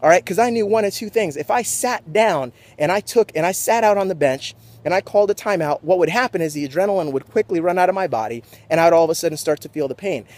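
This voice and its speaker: Fired-up young man with a high voice. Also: fast, hardly any pauses. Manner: energetic, pumped up, preachy. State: just off a sports game. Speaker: motivational vlogger. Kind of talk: motivational talk to camera.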